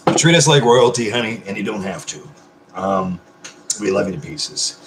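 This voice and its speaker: A man in his thirties hosting a casual livestream, chatting warmly with viewers and swearing freely. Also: fairly low pitch, expressive, normal speed, reverberant, slight background noise. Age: 30s. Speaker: livestream host.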